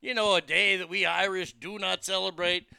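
A man's voice: high voice, steady tone, normal speed, gravelly, bright, forceful tone, clean tone, full character voice. A man voicing a mock stage Irishman from the 1800s, with an exaggerated put-on brogue and indignant manner.

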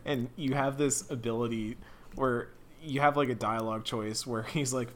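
A man co-hosting a casual gaming podcast, talking in an animated way, often laughing and slipping into mock voices for quotes. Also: medium pitch, normal speed. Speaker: podcast co-host.

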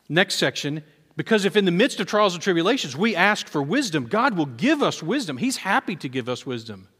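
A man preaching with a somewhat high voice, his words ringing out in a long hall reverb. He tells stories with animated energy and acts out the quotes. It sounds like a church sanctuary. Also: breathy edge. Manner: animated storytelling, acting out quotes. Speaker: pastor. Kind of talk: sermon.

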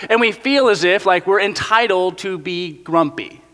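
Male pastor, casual animated sermon, high bright tone, echoey hall. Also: a little fast, few pauses. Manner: conversational, animated, acts out grumbling voices. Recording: long reverb of a large hall.

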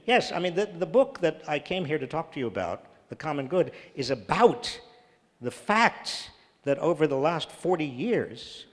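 A man's voice: a little high, very animated, normal speed. A man speaking at a public talk and answering audience questions, earnest and emphatic, repeating phrases for stress. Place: large church hall. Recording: reverberant church hall.

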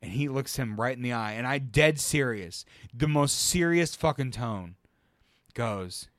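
A male podcast co-host tells a work story in casual chat, loose and rambling and full of profanity, often laughing at his own jokes. His voice sits at medium pitch with a fairly bright, expressive tone and a normal pace. The studio recording is clean, with no room sound.

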